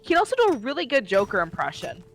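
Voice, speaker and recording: A young adult gamer chats casually over a voice call, rambling through stories with plenty of fillers. The pitch is mid range and ordinary. Faint music plays in the background. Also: wildly swooping pitch, quick pace. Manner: chatty storytelling with many likes. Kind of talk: casual gaming chat.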